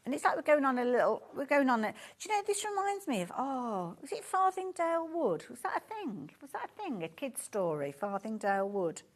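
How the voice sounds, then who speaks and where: Her voice sits high and sing-song, and she talks fairly quickly with hardly any pauses. This Birmingham-accented woman is presenting fabric from a studio on a live shopping show, gushing, chatty, and prone to wandering off topic.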